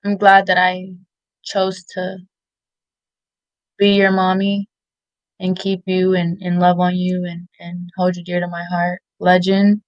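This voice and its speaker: A woman in her thirties giving tearful, heartfelt shout-outs in an interview, halting with many fillers. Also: fairly low pitch, monotone, no echo, dull audio. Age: 30s. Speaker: interview guest.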